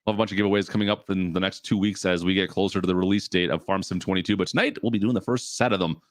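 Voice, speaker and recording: A man's voice: sits low, steady tone, racing, dry recording, studio quality. A man co-hosting a podcast in casual, rambling, self-mocking chat. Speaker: podcast co-host.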